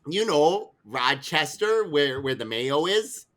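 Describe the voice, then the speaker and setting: A man's voice: on the high side, very animated, takes it slowly, fairly bright tone. A man playing a tabletop role-playing game, improvising in character in a playful, stammering way. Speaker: player.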